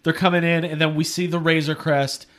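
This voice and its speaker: A man hosting a casual chat podcast, excitable, swearing and laughing often. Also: a little high, brisk.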